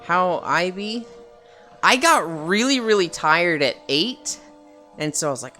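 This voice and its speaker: Bright-voiced man rambling about a game. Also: on the high side, sing-song, a little slow, soft background music. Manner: rambling, filler-heavy, casual swearing. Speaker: streamer. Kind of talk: casual gaming chat while walking. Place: walking on a treadmill while streaming.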